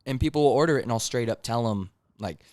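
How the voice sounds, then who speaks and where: A man's voice: mid-range voice, quick pace, a little mellow, dry recording. A young adult man, a comedian, telling casual stories on a podcast, swearing and breaking into voices of customers. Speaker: comedian guest.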